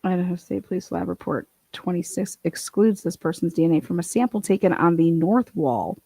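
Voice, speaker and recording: A woman's voice: fairly low pitch, a little fast, creaky, mellow, slightly rough, dry recording. A woman hosting a casual true crime livestream, swearing freely, laughing and reading court documents aloud. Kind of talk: casual profane livestream commentary.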